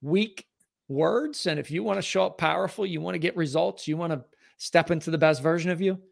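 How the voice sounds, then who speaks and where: A middle-aged man with a somewhat raised voice hosts a podcast interview. He speaks earnestly, with motivational emphasis, in a relaxed conversational tone. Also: fairly high pitch, a little fast, vocal fry. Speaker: podcast host. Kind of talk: casual interview chat.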